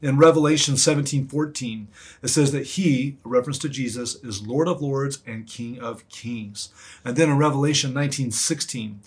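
A man's voice: mid-range voice, moderate pace, husky. A man preaching a sermon as pastor, in an earnest, emphatic manner that leans on repetition.

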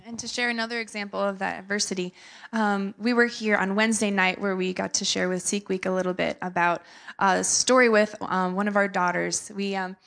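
A woman's voice: medium pitch, creaky, a bit bright. A young woman, a missionary, giving an earnest and emotional testimony to a church, with many fillers. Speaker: missionary speaker.

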